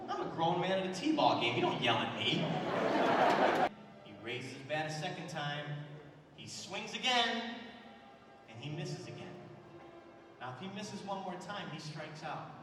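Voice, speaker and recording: A man's voice: fairly high pitch, lively intonation, a little slow, pauses often, roomy sound, in a large hall, noisy background. A man giving a motivational storytelling speech, dramatically acting out the people in his story. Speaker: motivational speaker.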